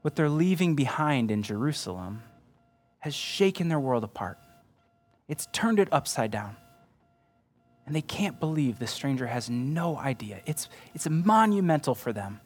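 A man preaching a sermon as pastor, earnest and conversational, often turning to the listeners with a quick "right?". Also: medium pitch, big pitch swings.

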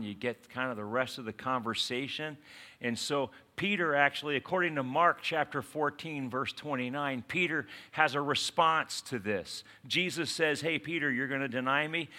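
A man preaching a sermon in an animated way, acting out quotes and asking the congregation questions. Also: medium pitch. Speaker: pastor.

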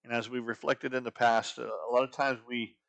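A man's voice: medium pitch, level tone, a little fast, vocal fry, fairly bright tone. A middle-aged man preaching a sermon as a pastor, talking conversationally and asking the congregation rhetorical questions.

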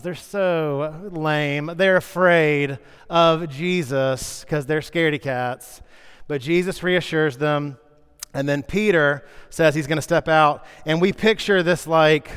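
A man preaching a sermon, telling the story with lively, acted-out asides. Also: a little high, clear, resonant tone. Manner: animated storytelling, acting out scenes. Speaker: pastor. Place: church sanctuary. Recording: long reverb of a large hall.

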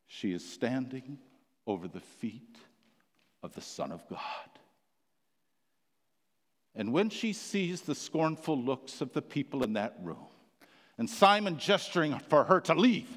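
With a medium-pitched voice and a big-room sound, a man preaches a sermon, telling the story passionately. His voice swells loud, then sinks almost to a whisper.

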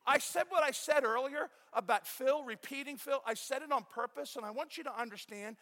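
A middle-aged man pastor preaching a sermon in a church, chatting with the congregation and building up to shouts. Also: very high-pitched, fairly quick. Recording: echoey church hall.

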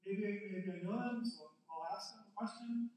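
A man's voice: high voice, moderate pace, darkish tone. An older man, a pastor, giving a conversational, joking sermon and drawing his congregation in. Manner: joking, chatty, draws in the congregation. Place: church sanctuary. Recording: very echoey hall, mic at a distance.

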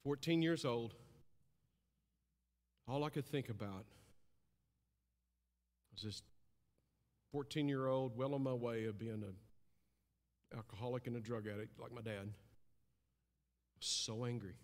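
A man preaching a sermon with impassioned delivery, rising high and loud, then dropping low and hushed. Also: measured pace, pauses often. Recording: long hall reverb.

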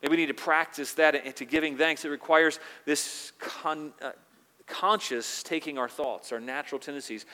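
Earnest preacher in a reverberant hall. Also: male voice, fairly high pitch, normal speed. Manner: earnest, rises in volume when quoting scripture and drops soft on reflective points. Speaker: pastor. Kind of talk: sermon.

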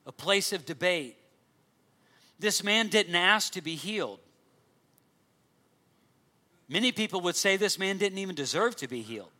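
Reading scripture aloud and then explaining it, a pastor gives an earnest sermon. His voice is high, bright and forceful.

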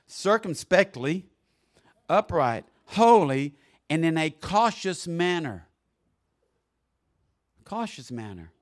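A man preaching a sermon in a church, swinging from soft reflection to loud exclamations. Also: a little high, very animated, takes it slowly, pauses often. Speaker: pastor. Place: church sanctuary.

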